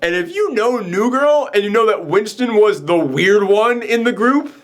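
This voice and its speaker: A man's voice: high-pitched, sing-song, normal speed. A man hosting a casual film reaction chat, ranting and rambling with lots of fillers, acting out quoted lines in mock voices. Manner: rambling with many fillers and restarts. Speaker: podcast host reviewing a film.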